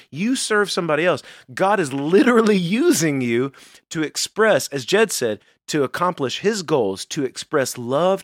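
A man's voice: on the high side, dry recording, studio quality. A man co-hosting a casual faith podcast, telling stories earnestly. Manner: earnest storytelling, animated. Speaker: podcast co-host.

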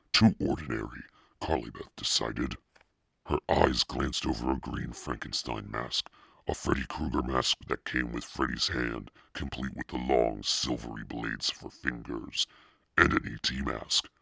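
Deep gravelly male audiobook narrator, crisp edge, dry close mic. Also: fairly even intonation, a little slow, bright, forceful tone, dry recording. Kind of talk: storybook narration.

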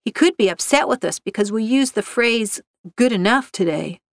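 Lady reading as a guy coworker thinking out loud, kinda unsure, close dry mic. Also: on the high side, expressive, moderate pace, dry recording. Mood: puzzled. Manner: reasoning, tentative. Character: thoughtful male researcher, coworker.

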